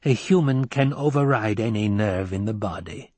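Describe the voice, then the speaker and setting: A man voicing a stern old woman who leads a secretive sisterhood, speaking in a slow, measured, commanding way with a husky tone. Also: fairly low pitch, darkish tone, no echo, lightly acted. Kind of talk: audiobook character voice.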